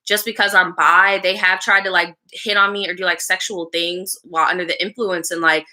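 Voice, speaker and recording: A woman's voice: lowish voice, level tone, brisk, pushed and bright. A woman hosting a live show, reading a viewer's story aloud and then giving blunt, slangy advice while chatting back to viewers. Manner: blunt, casual and slangy, with frequent swearing; chats back to live viewers between lines.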